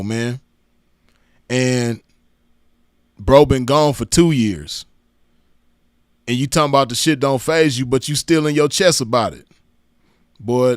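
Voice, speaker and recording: A man's voice: mid-range voice, smooth, dry recording, clean studio sound. A man mocking and roasting clips in profane reaction commentary, laughing often.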